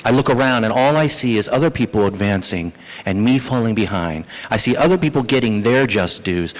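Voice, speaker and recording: A male pastor preaching a sermon, lively and animated, who acts out the psalmist's complaints as he goes. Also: mid-range voice, a little fast. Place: church sanctuary. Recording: church hall reverb.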